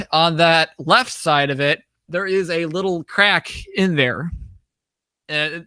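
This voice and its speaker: Bright-voiced young man telling stories. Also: fairly high pitch, clean tone, no echo, studio quality. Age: young adult. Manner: rambling, many restarts and "you know". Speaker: guest, author and traveler. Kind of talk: casual storytelling over slides.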